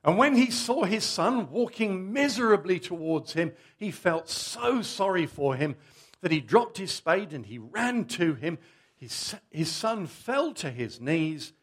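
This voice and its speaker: A man's voice: sits high, big pitch swings, measured pace, breathy edge. A middle-aged man preaching a Father's Day family sermon, telling a story vividly and coaxing children to act it out.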